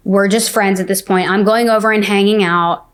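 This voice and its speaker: A woman at a middle pitch talks openly about her own past as a podcast guest. Her storytelling is loose and conversational, scattered with "like" and "um." The delivery stays frank and unpolished. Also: steady tone, moderate pace, clean tone. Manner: candid, says "like" often. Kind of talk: casual personal storytelling.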